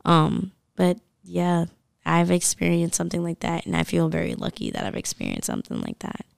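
Young woman, low gravelly voice, chatty storytelling, lots of fillers, dry close sound. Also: very animated, moderate pace, no echo. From United States. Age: young adult. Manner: chatty, full of fillers and likes. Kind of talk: casual storytelling chat.

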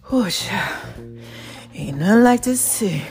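A woman giving a playful, casual motivational talk to her viewers, laughing and acting out little voices. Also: fairly high pitch. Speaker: vlogger.

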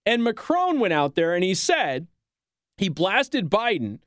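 A man's voice: sits high, very animated, unhurried, a bit bright, dry recording, soft background music. A man hosting a talk radio show in a studio, delivering a sarcastic, opinionated monologue and laughing at his own jokes.

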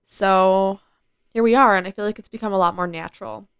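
A woman's voice: medium pitch, fairly even intonation, a little fast, smooth, no echo, clean studio sound. A teenage girl hosting her own podcast, chatting casually and rambling with lots of "like". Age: teens. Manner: chatty and rambling, with many likes. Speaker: podcast host. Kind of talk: casual solo podcast chat.

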